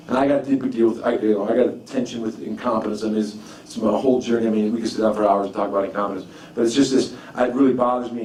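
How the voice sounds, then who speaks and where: A man's voice: medium pitch, a little mellow, slight background noise. A man preaching a conversational sermon, repeating and restarting phrases as he tells personal stories. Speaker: pastor. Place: church sanctuary. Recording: echoey room from far off.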